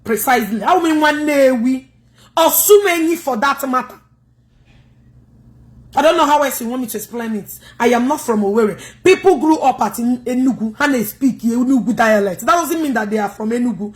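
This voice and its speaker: High-voiced combative Nigerian woman. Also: moderate pace. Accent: Nigerian, Igbo. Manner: combative, scolding. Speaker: livestreamer. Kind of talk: livestream rant to viewers.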